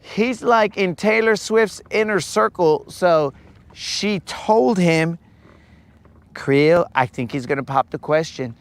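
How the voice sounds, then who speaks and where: A young man hosting a live fishing stream, chatting casually in a rambling, joking way from a boat on a lake. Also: sits high. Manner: rambling, joking, slow-paced. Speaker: fishing livestream host.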